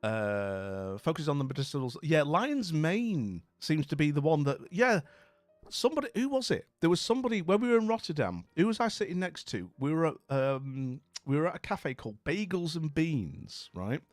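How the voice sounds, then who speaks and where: A man's voice: fairly high pitch, sing-song, normal speed, no room sound, faint music behind. A man from northern England, chatting casually and at a ramble while live streaming a game, with many asides like "you know what I mean".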